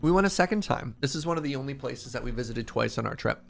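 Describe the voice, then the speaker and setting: Man, casual storytelling, excitable, middle pitch, faint music behind. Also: gravelly. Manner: animated, excitable storyteller, quick quoted asides. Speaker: streamer.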